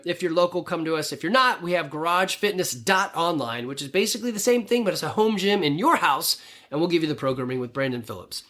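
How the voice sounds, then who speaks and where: A man's voice: fairly high pitch, pushed and bright. Earnest rambling man in his fifties. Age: 50s. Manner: earnest, rambling, frequent restarts. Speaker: podcast host and gym owner. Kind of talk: casual motivational monologue.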